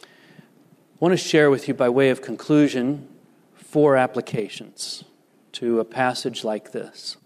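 A man delivering a sermon at an unhurried, deliberate pace, pitched in an ordinary middle range. He leans into key words with rising emphasis. His voice carries the long reverb of a large church hall. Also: darkish tone. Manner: slow, measured preaching with emphatic rises. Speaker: pastor.

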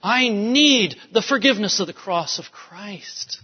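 A pastor preaching a sermon with emphatic, rising urgency. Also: male voice, high voice, animated, a little slow, breathy edge. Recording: dull sound with long hall reverb.

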